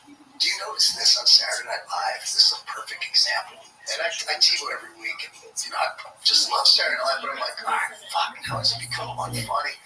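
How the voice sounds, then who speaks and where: A man's voice: very high voice, bright, forceful tone, reverberant, distant mic, poor audio. A man talking in a casual podcast chat, ranting and swearing freely. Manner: profane, ranting. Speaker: musician guest.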